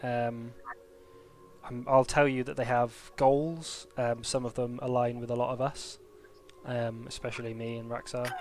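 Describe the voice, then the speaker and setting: Flat-voiced man playing a tabletop game. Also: mid-range voice, measured pace, background noise. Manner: casual, scheming out loud. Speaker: player. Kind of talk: casual tabletop game chat.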